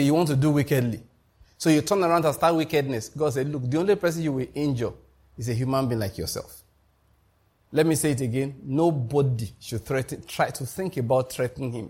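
A man preaching a sermon, emphatic and rising in pitch to drive his points home, often checking that his congregation is following him. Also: darkish tone, breathy edge. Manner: asks the congregation to repeat and confirm. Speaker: pastor.

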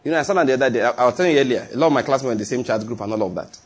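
Male pastor, middle-aged, husky tone, emphatic sermon delivery. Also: medium pitch, racing. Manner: emphatic, repetitive preaching with acted quotes and chuckles.

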